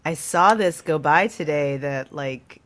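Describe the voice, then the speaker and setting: A woman's voice: deep voice, unhurried. A woman co-hosting a casual news chat show, talking loosely with plenty of fillers. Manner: chatty, lots of fillers and laughs. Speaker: co-host.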